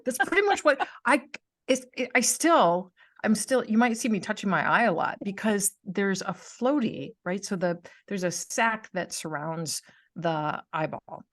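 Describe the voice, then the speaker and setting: A woman's voice: mid-range voice, lively intonation, unhurried, dry recording, studio quality. A middle-aged woman hosting a podcast, telling a personal story in casual chat over a video call. She acts out the people in her story and laughs often. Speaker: podcast host.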